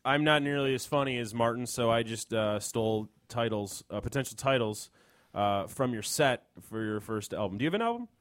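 Quick, lively male interviewer. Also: mid-range voice, no room sound. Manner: playful, teasing questions. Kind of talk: casual comedic interview.

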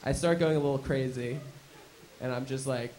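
A man's voice: mid-range voice, moderate pace. A man doing a stand-up set, telling a rambling story. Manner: rambling storytelling, bursts into shouted mock slogans. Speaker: stand-up comedian.

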